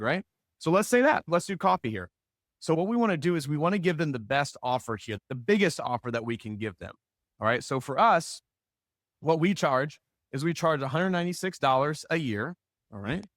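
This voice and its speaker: A man teaching a live marketing workshop, energetic and joking, swinging between loud and soft. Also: fairly high pitch, no echo, studio quality. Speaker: marketing instructor. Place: room with a live audience.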